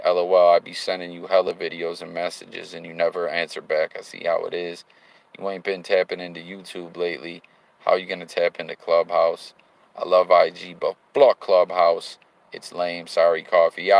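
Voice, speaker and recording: Man, deep voice, dry close sound, casual livestream host, slang-heavy, hyped bursts, talking from a car. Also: no room sound, rough recording. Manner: loose slang-heavy talk, hyped bursts between mumbled chat readings. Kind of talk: casual live chat reading viewer comments. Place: in a car while driving.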